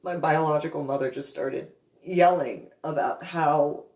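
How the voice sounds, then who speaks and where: Slow, halting woman in an echoey room. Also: deep voice, steady tone, a little mellow. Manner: halting, emotional, with trailing restarts. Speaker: vlogger recounting a family conflict. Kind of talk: personal storytelling to camera.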